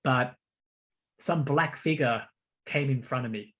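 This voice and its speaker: A man's voice: mid-range voice, a little slow, fairly bright tone, breathy edge. A man hosting a podcast, telling a personal story in casual conversation, stammering and repeating words while calling his listener "bro" and "mate". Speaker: podcast host.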